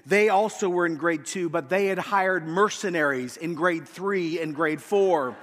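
A man preaching a sermon to his congregation, telling a story with lively energy and shouting out the quoted lines. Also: fairly high pitch, a little slow, slight background noise. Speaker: pastor. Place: church hall, in front of a congregation. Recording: long reverb in a large hall.

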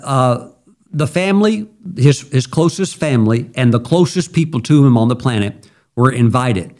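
A man's voice: fairly high pitch, a little mellow. A middle-aged male pastor preaching a sermon in a conversational, storytelling way, with sudden emphatic jumps.

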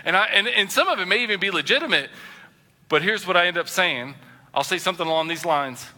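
A male pastor preaches with lively, swooping pitch and a very bright, forceful tone. He acts out quoted voices and drops between loud and soft passages. His voice rings in a long church reverb. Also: fast. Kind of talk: sermon. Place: church sanctuary.

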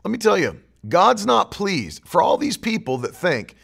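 Man, pastor, sermon, emphatic, repetitive declarations, fairly high pitch. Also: wildly swooping pitch, normal speed, vocal fry, few pauses, a bit bright, husky.

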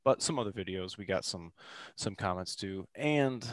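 Low-voiced podcast host, loose and casual. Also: male voice, animated, normal speed, dry recording. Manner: loose, off-the-cuff.

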